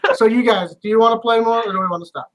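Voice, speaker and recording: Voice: mid-range voice, racing, a bit bright, low-quality recording. Casual game master, loose and chatty, laughs easily, filler-heavy. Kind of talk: running a tabletop game, casual.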